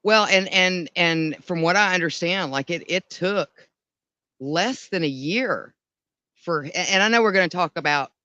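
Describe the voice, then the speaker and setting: A man's voice: high voice, measured pace, sharp tone, clean tone, dry recording, dull audio. A man co-hosting a podcast in casual chat, thinking aloud with restarts and casual swearing. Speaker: podcast co-host.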